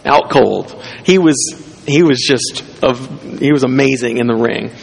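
A man's voice: medium pitch, measured pace, vocal fry, slightly rough, long reverb tail. A pastor preaching a casual, conversational sermon, often restarting his sentences.

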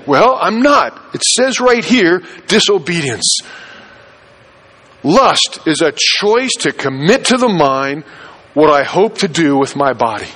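A man with a notably high voice delivers a sermon from the pulpit. He preaches with emphasis, repeats his key phrases and keeps asking the congregation questions. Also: a bit bright, low-quality recording. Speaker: pastor.

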